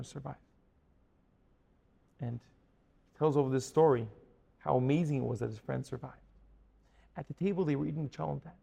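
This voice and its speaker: A man telling a story in a sermon as a Torah teacher, dramatic, dropping to a hush and then rising to emphatic peaks. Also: mid-range voice, creaky, long reverb tail, muffled recording. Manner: dramatic, swings from hushed to emphatic.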